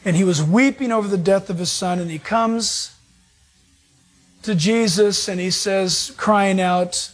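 A man preaching a sermon as a pastor, emphatic and animated. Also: sits high, unhurried. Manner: emphatic, animated preaching that acts out quoted voices.

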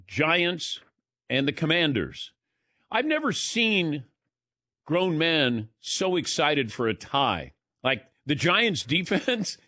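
A man hosting a sports talk radio show, running through the weekend's results in a brisk, wry rundown. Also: medium pitch, a bit bright, no room sound, clean studio sound.

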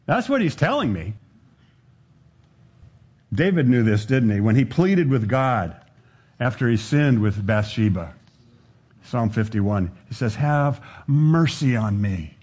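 A man preaching a sermon, earnest, slowing down to stress the scripture he quotes. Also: mid-range voice, sing-song, darkish tone, breathy edge. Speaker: pastor.

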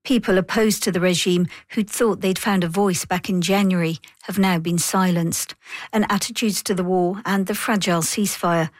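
A woman delivers a news report in a lower-pitched, steady voice. Her tone is informative and composed. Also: moderate pace, dry recording, studio quality. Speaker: news correspondent. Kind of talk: broadcast news narration.

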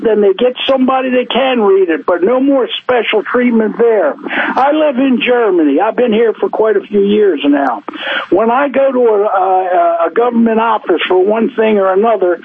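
A man calling in to a radio talk show, speaking bluntly and halting often with fillers. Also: high-pitched, slight background noise. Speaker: caller. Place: home in Germany, by phone. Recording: tinny phone line.

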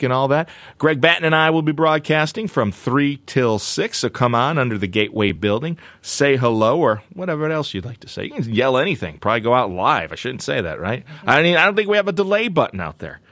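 A man hosting a radio talk show, telling a story in a playful, animated way. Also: mid-range voice, a little fast, few pauses, dry recording. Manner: animated, playful, does silly voices.

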